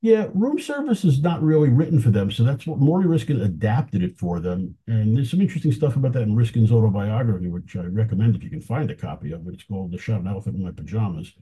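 A man's voice: on the low side, big pitch swings, fast, hardly any pauses, mellow, breathy edge. A man talking casually as an interview guest, telling anecdotes with enthusiasm and chuckling now and then. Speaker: film historian guest.

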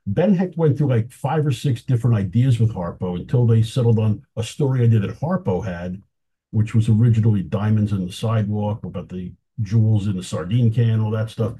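A man's voice: lowish voice, brisk, dark tone, slightly rough. A man talking casually as an interview guest, telling anecdotes with enthusiasm and chuckling now and then. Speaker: film historian guest.

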